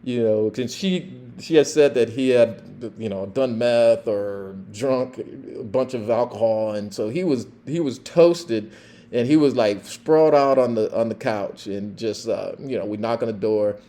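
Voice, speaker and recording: A middle-aged man, a former police officer hosting a podcast, tells stories in a relaxed, chatty way with lots of fillers. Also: mid-range voice, unhurried. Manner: relaxed and chatty with many fillers, laughing at his own story. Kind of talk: casual storytelling.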